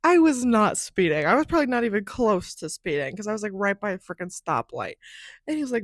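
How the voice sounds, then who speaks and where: A young woman hosting a podcast, telling a personal story in a chatty, animated way, often saying "like", on a close microphone. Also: fairly high pitch, quick pace, no room sound. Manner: animated, chatty, heavy use of "like". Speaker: podcast host.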